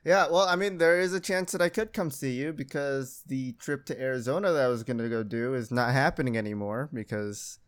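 A man chatting casually with a friend, easygoing and quick to laugh. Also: medium pitch. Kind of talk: casual chat.

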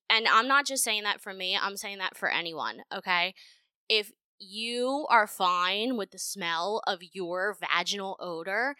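A young woman hosting a podcast, telling a story in a blunt, profane, animated way. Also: mid-range voice, clean tone, no room sound. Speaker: podcast host. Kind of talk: casual storytelling monologue.

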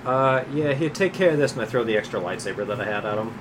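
A woman's voice: extremely low pitch, animated, fast. A woman player in a tabletop game, talking casually and a bit hesitantly. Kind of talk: in-character tabletop chat. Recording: noisy recording.

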